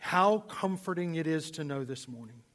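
A male pastor preaching a sermon, swinging from loud emphasis to hushed, near-whispered lines. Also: fairly high pitch, expressive, normal speed.

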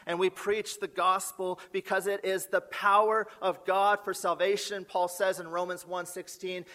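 A pastor with a high-sitting, pushed, bright voice and fairly even intonation preaches a measured, emphatic sermon. He stacks up lists of repeated phrases and puts rhetorical questions to the congregation.

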